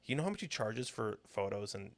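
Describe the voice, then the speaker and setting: A man with a lowish, gravelly voice co-hosts a podcast in loose casual chat. He rambles from thought to thought and laughs easily between points. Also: big pitch swings, fairly quick. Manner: chatty and rambling, laughs often. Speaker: podcast co-host.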